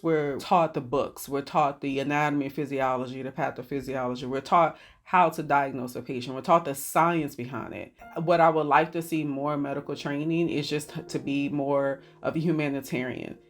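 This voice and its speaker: A woman physician speaking as a guest in a conversation, explaining things in a measured way. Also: deep voice. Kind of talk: intimate conversation.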